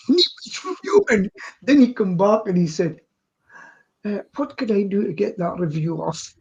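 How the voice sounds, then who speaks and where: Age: unknown. Sex: woman. Style: animated story, lo-fi call. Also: mid-range voice, a little slow. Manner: animated anecdote teller who acts out both sides of dialogue. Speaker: regular panelist on a live stream. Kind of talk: casual storytelling. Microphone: video call.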